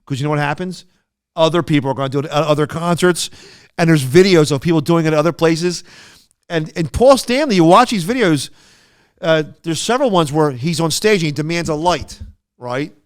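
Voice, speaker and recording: A middle-aged man co-hosting a podcast, telling stories in a casual, animated way with frequent restarts. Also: on the high side, a little fast, clean tone, no echo, studio quality. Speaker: podcast co-host. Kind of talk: casual chat.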